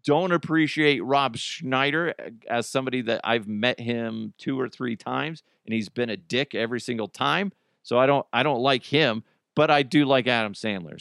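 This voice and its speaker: A man's voice: medium pitch, gravelly, a bit bright, dry recording, clean studio sound. A man hosting a radio show, chatting casually with rambling jokes and self-corrections. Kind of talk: casual on-air chat.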